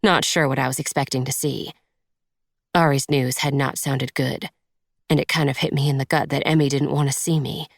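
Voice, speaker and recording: A woman reads a first-person romance audiobook in a measured, intimate manner. Her voice is low and has a gravelly fry in it. The recording is close and dry. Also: steady tone, no echo. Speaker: audiobook narrator.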